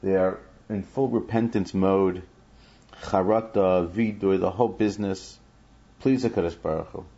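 Male Bible teacher with a low, mellow voice; reads each verse aloud, then explains it. Dull lo-fi recording. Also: fairly even intonation, moderate pace. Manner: chants Hebrew verses then explains them in English.

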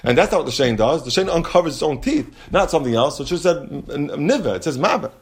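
A man leads a Talmud class. His voice sits a little high and moves in a study singsong. He mixes Hebrew and Aramaic terms into his as he explains. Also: expressive, fast. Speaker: Talmud teacher.

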